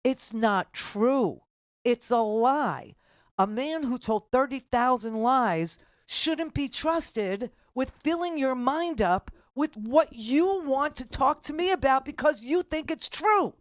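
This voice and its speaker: A woman's voice: high voice, animated, unhurried, hardly any pauses, no room sound, studio quality. A middle-aged woman hosting a political talk radio show, combative and exasperated as she argues with callers' claims.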